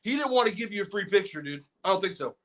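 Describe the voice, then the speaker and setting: An excitable man co-hosting a casual podcast, full of laid-back slang. His voice is very high with a bright, sharp edge. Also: quick pace. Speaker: podcast co-host.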